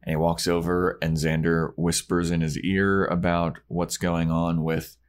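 A man's voice: low voice, flat delivery, slight background noise. A man co-hosting a podcast, casually retelling scenes and swearing freely. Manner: retells scenes putting on quick character voices, swears casually. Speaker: podcast co-host. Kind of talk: casual recap chat with acted quotes.

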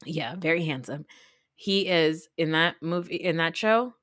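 A woman's voice: sits low, measured pace, a bit bright, dry recording, studio quality. A woman in her thirties co-hosting a casual pop-culture gossip podcast, talking frankly and rambling, swearing freely. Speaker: podcast co-host.

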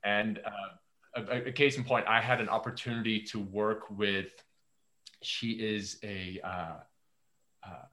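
A man's voice: on the low side, steady tone, a little slow, sharp tone. A man sharing workplace anecdotes on a podcast, often repeating words as he starts sentences. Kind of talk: casual podcast chat.

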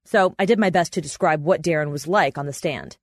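A woman reporter and podcast host, telling a court story in measured, matter-of-fact scripted narration. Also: sits low, no echo, clean studio sound.

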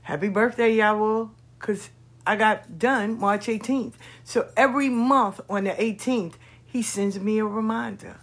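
A woman hosting a podcast, telling stories in a casual monologue, expressive and repetitive, swearing freely. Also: mid-range voice, unhurried, slightly rough. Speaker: podcast host.

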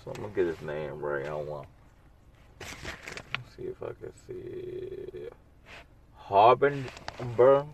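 Male solo podcast host, unhurried drawl, sarcastic and blunt, audible background noise. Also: deep voice, sing-song. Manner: rambling, sarcastic, blunt, with asides. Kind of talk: casual solo podcast monologue.

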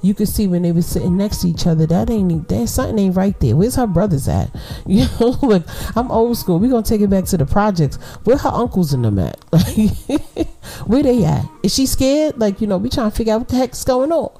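A woman's voice: medium pitch, very animated, fairly quick, dark tone. A middle-aged woman hosting a podcast, giving casual, slangy advice and laughing often as she talks. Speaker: podcast host.

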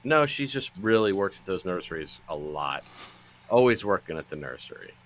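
A man co-hosting a casual movie podcast, riffing through absurd rambling bits with a deadpan delivery. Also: low-pitched, moderate pace, a little hiss or hum. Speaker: podcast co-host. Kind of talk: casual chat.

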